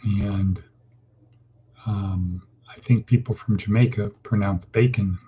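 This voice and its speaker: A man's voice: on the low side, fairly even intonation, slow, husky. A man from California hosting a casual morning motivational talk, rambling and folksy as he jumps from topic to topic. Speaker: host of a daily motivational session. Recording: dull lo-fi sound.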